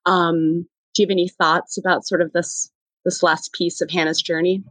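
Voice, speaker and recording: A woman's voice: fairly low pitch, flat delivery, normal speed, a bit bright, no echo, rough recording. A woman hosting an interview, asking questions casually and laughing easily. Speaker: podcast host.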